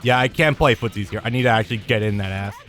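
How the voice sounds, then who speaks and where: Casual swearing gameplay streamer. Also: male voice, lowish voice, fast talker, fairly bright tone. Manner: casual, swears, laughs often. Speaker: let's play host. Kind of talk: live gameplay commentary. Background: faint game music.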